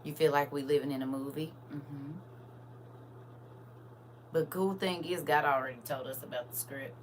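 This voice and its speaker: A woman's voice: low voice, moderate pace, a little hiss or hum. A woman, chatting casually to viewers on a livestream and talking straight to them. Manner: animated, talks straight to viewers. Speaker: livestream host.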